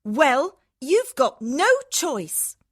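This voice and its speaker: A man's voice: very high-pitched, big pitch swings, a little slow, pitched above the performer's own voice, full character voice. A man reading a storybook and voicing a forthright young woman who speaks up for her friends.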